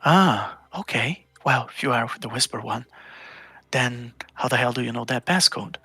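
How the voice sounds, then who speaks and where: A man playing a cold-blooded, suspicious male cult agent in a tabletop game, speaking in a quiet, probing, menacing way. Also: medium pitch, moderate pace, gravelly, slightly rough, dry recording, full character voice. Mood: wary.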